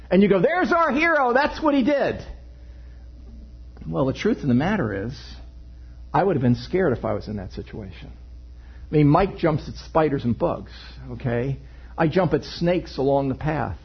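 A male pastor preaching a sermon to his congregation, animated and joking in asides. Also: high-pitched, slightly rough. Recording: dull lo-fi recording.

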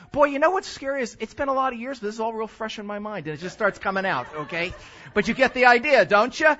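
An older man preaching a sermon as a pastor, animated, with loud emphatic stretches and quiet asides. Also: very high-pitched, brisk, dull audio.

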